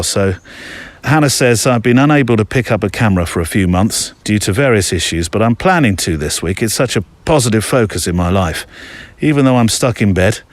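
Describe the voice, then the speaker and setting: A middle-aged man hosting a podcast alone, talking casually and rambling with frequent restarts while out on a walk among trees. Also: fairly low pitch. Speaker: podcast host. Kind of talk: casual solo podcast monologue.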